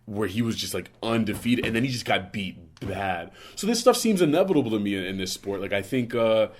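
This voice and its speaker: A man's voice: fairly low pitch, expressive, fairly quick. Rambling, jokey podcast host man. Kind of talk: casual podcast banter.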